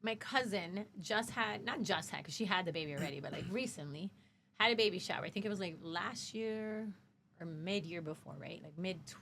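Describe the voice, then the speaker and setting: A woman's voice: lowish voice, fairly quick, a little hiss or hum. A woman who works in hospitality, a podcast guest telling family stories in casual conversation and acting out quoted dialogue with frank, salty language. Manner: animated, acts out quoted dialogue, swears freely.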